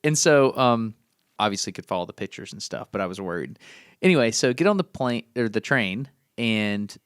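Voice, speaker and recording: A man's voice: lowish voice, lively intonation, moderate pace, clear, resonant tone, no room sound, studio quality. An American man co-hosting a podcast, telling stories in a casual chat and laughing often. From United States. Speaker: podcast co-host.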